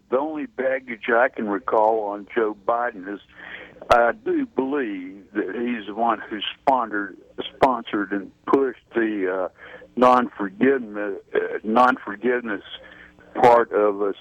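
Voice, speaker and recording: A man in his sixties from South Carolina with a Southern accent, calling in to a talk show, halting and folksy with many fillers. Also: lowish voice, lively intonation, no echo. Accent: Southern American. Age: 60s. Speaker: caller. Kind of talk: phone-in political talk. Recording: tinny phone line.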